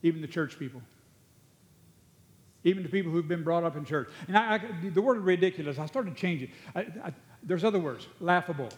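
A man preaching a sermon as pastor, stretching key words slowly with emphasis and tiring easily, short of breath. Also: fairly high pitch, lively intonation. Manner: preaching with slow, drawn-out emphasis and repeated words. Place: church sanctuary. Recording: long church reverb.

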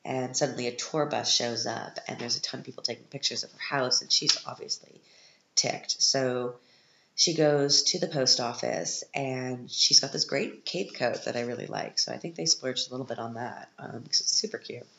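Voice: mid-range voice, normal speed, gravelly, bright, forceful tone, roomy sound, highs cut off, a little hiss or hum. A podcast host giving a casual, sarcastic recap of a film, sounding exasperated with it.

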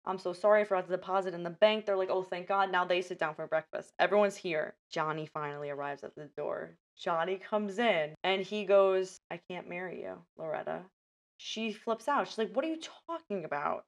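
A woman's voice: lowish voice, a little fast. A woman chatting casually as a podcast host, retelling a film scene by scene and acting out the characters' lines. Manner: animated storyteller, acts out lines. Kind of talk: casual chat recapping a film.

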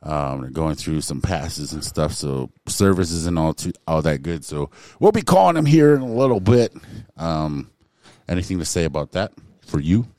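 A man co-hosting a casual podcast about recovery, joking loosely with shouted greetings. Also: rumbling low, normal speed, no echo, clean studio sound. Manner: loud shouted greetings, relaxed joking banter. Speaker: podcast co-host.

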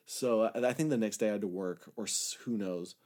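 A man with a fairly low voice tells a story from his own life in a loose, rambling way. He swears freely and fills his talk with "like." His voice swings between loud bursts and low mutters. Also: a little fast. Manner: rambling, candid, heavy swearing, frequent "like" fillers. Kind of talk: casual personal storytelling.

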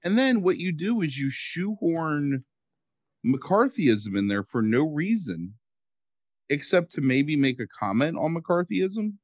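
A man co-hosting a podcast, sarcastic and animated in casual chat, mimicking voices for laughs. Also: fairly high pitch, takes it slowly, no echo, muffled recording. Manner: animated, sarcastic, mocking accents. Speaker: podcast co-host.

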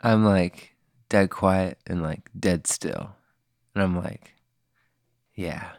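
A man's voice: sits low, slow pace, no echo, clean studio sound. A man as a comedy podcast guest, answering an improvised scene in a hesitant, stammering way. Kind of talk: improvised role-play answers.

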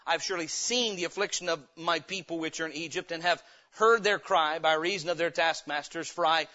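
A man preaching a sermon as pastor, impassioned, rising louder at the climaxes of his points. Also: a little high, brisk, muffled recording. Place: church.

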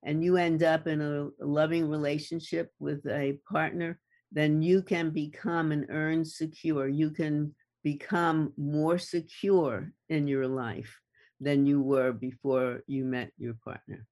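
A guest expert in a conversation, explaining things deliberately and repeating key words for emphasis. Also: mid-range voice, flat delivery, a little mellow.

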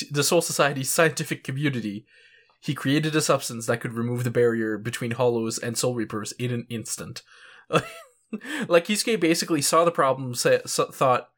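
A man's voice: medium pitch, a bit bright. A man co-hosting a casual podcast chat, rambling with lots of filler words, swearing and chuckling as he goes. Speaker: podcast co-host.

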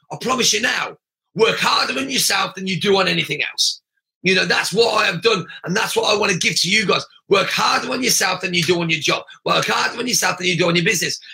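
A man's voice: high voice, gravelly, bright, forceful tone. A middle-aged man coaching martial arts school owners in a blunt, emphatic podcast monologue, often raising his voice and repeating himself.

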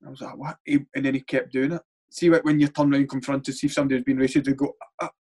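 A man's voice: mid-range voice, flat delivery, rapid-fire, warm tone. A Scottish former footballer chats bluntly and at length, swearing as he goes. His voice sits in the middle of the range, and he rambles through his stories in a loose, casual way. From Scotland. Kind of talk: casual podcast chat.

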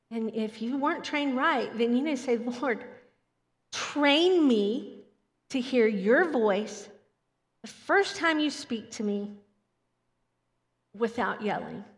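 A woman preaching a Sunday sermon in an animated way, acting out children's voices as she goes. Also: fairly high pitch. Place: church hall. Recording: long hall reverb.

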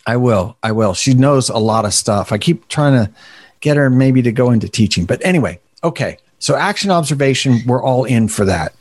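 A man's voice: mid-range voice, normal speed, no room sound. A man co-hosting a podcast, talking casually and poking fun at himself. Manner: self-deprecating, animated, laughs at himself. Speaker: podcast co-host.

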